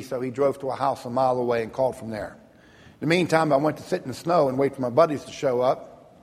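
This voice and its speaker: Speaking at a medium pitch with a big-room sound around him, a middle-aged man gives an earnest, straightforward personal testimony. When feelings rise, he sometimes repeats his words.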